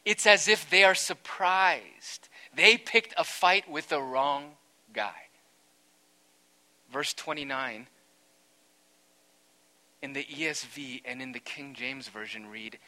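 A man preaching a sermon, conversational and animated, swinging between loud and quiet with dramatic asides. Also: mid-range voice, takes it slowly, long pauses, poor audio. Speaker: pastor.

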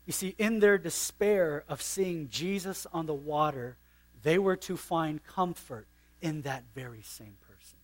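A man preaching a sermon earnestly, stressing and slowing on key phrases. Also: fairly high pitch.

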